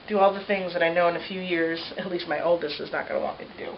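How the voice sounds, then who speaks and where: A woman's voice: lowish voice, fast, few pauses. A woman in her thirties chatting casually in a vlog, a mother of three giving a tender, meandering baby update full of fillers. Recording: slightly muffled with faint hiss.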